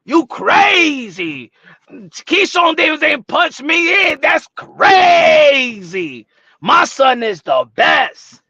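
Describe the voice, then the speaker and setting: A man imitating a loud, hot-tempered older boxing father who shouts indignantly and drags out his words. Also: extremely high pitch, animated, slow, no room sound, muffled recording, heavily acted. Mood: indignant shouting.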